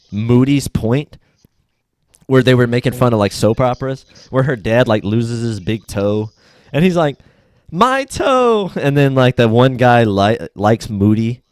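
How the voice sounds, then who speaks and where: A man's voice: lowish voice, darkish tone, clean tone, no room sound. A young man co-hosting a podcast in casual chat, retelling sketches animatedly in goofy voices and swearing freely. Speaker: podcast co-host.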